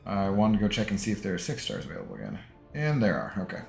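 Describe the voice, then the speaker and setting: An American man livestreams a game and chats casually with his stream chat, his low voice racing, full of vocal fry, and swooping wildly in pitch. He laughs a lot and rambles, tossing in self-deprecating asides. The room is echoey, with faint music playing.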